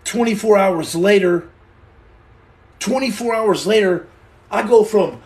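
An American man with a high-pitched voice runs a live stream, joking around and reading out viewers' questions at a measured pace with long pauses. He is animated and playful, acts out little scenes, repeats himself, and stammers and restarts as he talks.

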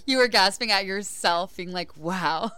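A woman's voice: mid-range voice, a little slow, clean tone. A young woman co-hosting a podcast, retelling a movie plot in casual chat and acting out the characters' lines with lots of "like.". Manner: animated storyteller, acts out quotes, lots of "like". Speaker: podcast co-host.

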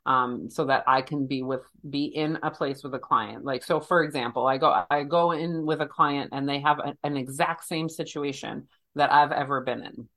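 Low-pitched female counselor, relaxed conversational talk, rambling phrasing. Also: normal speed, hardly any pauses. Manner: searching, loose phrasing with many fillers. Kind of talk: casual conversation.

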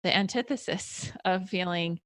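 A woman's voice: fairly low pitch, normal speed, no room sound, clean studio sound. Chatty, enthusiastic woman host. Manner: enthusiastic, chatty, many fillers. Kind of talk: casual interview.

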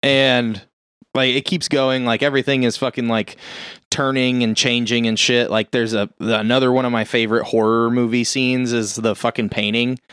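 A man's voice: mid-range voice, little pitch movement, moderate pace, fairly bright tone, clean tone, no room sound, studio quality. Profane rambling man retelling a movie. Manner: profane, rambling, acts out quotes. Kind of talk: casual chat, retelling a movie.

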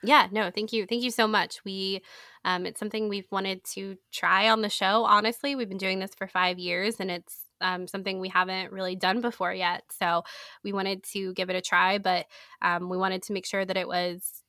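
Bright, chatty woman podcast co-host. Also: medium pitch, level tone, moderate pace, no echo, studio quality. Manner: upbeat, chatty, laughs often. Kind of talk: casual chat.

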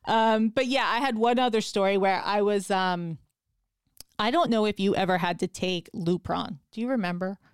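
A woman's voice: mid-range voice, moderate pace, clear, resonant tone, dry recording, studio quality. A woman hosting a podcast in casual chat, telling stories with animation and acting out her own quotes. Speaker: podcast host.

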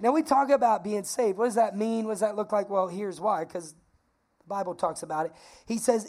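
A woman pastor preaching a lively, conversational sermon, calling on the congregation to repeat phrases. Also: mid-range voice, moderate pace. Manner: energetic, conversational, calls for congregation responses.

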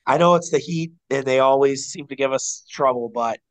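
A man co-hosting a podcast, chatting casually about basketball, excitable and quick to swear. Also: rough recording. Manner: excitable, swears, jumps in with rising pitch. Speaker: podcast co-host. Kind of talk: casual sports chat.

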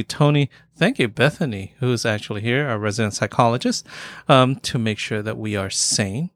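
Male podcast host, relaxed chatty delivery, dry booth sound. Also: mid-range voice, no room sound. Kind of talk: casual chat.

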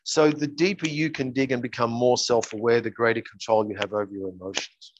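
A man's voice: medium pitch, fairly even intonation, brisk, muffled recording, a little hiss or hum. A man speaking as an interview guest, earnestly telling stories and acting out the dialogue in them. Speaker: guest, coach. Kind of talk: interview storytelling.

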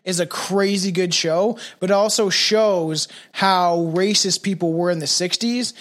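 A Canadian man hosting a dark comedy podcast, chatting casually with swearing and jokes, sometimes reading from notes. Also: sits high, unhurried. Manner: swearing, joking, rambling. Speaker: podcast host.

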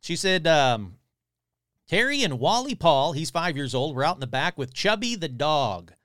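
In a studio-quality recording with no room sound, a man hosting a podcast reads from a newspaper article in a casual way and keeps breaking off to grumble wryly. His voice is a little high, sing-song and fairly bright, at a normal speed.

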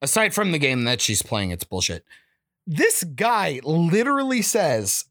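A man's voice: fairly high pitch, huge pitch swings, measured pace, no room sound, studio quality. Swearing, theatrical podcast guy. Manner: loud, swearing, theatrical mock outrage. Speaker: podcast co-host. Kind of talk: casual movie review chat.

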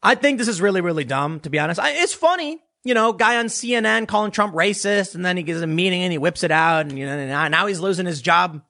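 A man's voice: high voice, animated, fast talker, few pauses, bright, forceful tone. A man ranting as a political commentator, sarcastic, dismissive and blunt. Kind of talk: casual opinion rant.

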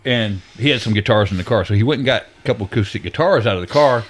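A middle-aged man with a lowish voice tells a story in casual podcast chat. He rambles and keeps restarting his sentences. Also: fast talker, a little hiss or hum. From Texas. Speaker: podcast co-host.

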